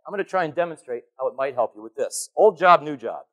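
A man giving a conference keynote on stage, animated and playful as he calls volunteers up from the audience. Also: on the high side, fast, hardly any pauses. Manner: animated, calling to the crowd, playful. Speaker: keynote speaker.

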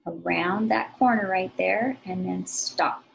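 A woman teaching young children to draw, giving slow, patient, sing-song step-by-step instructions. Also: mid-range voice, gravelly, slight background noise, poor audio. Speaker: art teacher.

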